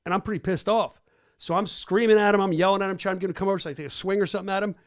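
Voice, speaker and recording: A man's voice: high-pitched, steady tone, rapid-fire. A middle-aged man hosting a podcast, brash and joking as he talks over video clips. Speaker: podcast host. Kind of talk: casual podcast chat.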